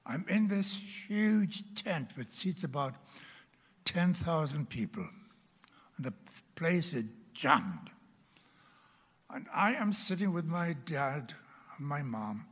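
A man's voice: fairly high pitch, fairly bright tone, husky. An elderly man preaching a sermon, telling a story from his boyhood and dropping to a whisper for emphasis. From Wales. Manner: slow, dramatic, drops to a whisper for emphasis. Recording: long hall reverb.

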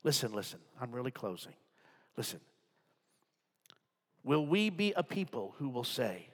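A man preaching a sermon to a congregation, dropping to hushed whispers and rising to loud, emphatic passages. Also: medium pitch, very animated, measured pace, pauses often, breathy edge. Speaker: pastor. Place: large church with balcony. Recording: long hall reverb.

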